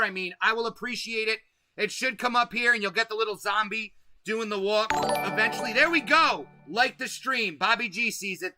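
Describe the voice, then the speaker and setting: A man with a high, pushed, bright voice hosts a casual livestream, recorded dry. He talks loosely, using slang and swearing and drawing out words for emphasis.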